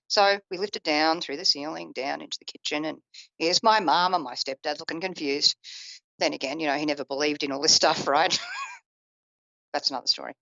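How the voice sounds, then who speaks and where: This psychic speaks with vocal fry at an ordinary speed, recounting a family story on the radio and mimicking her relatives in a higher pitch. She sounds animated throughout. The audio is dry, with the high frequencies cut off.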